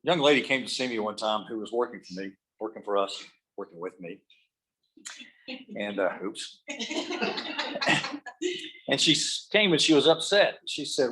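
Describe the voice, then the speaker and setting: A middle-aged man with a somewhat low voice gives a motivational speech in a meeting room. He tells workplace stories in an easy, storytelling way. He drops his voice low and soft when he wants a point to land. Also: sing-song, moderate pace, pauses often, rough recording. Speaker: motivational speaker. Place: meeting room with live and video-call audience.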